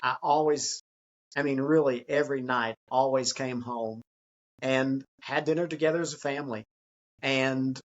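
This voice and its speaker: A man speaking as a guest author in a conversational interview, earnest and reflective, sometimes acting out an excited child's voice. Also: mid-range voice, moderate pace, muffled recording.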